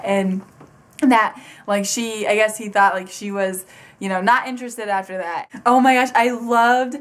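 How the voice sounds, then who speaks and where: A young woman reviewing a book in a casual vlog, gushing and rambling excitedly with lots of fillers. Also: on the high side, measured pace.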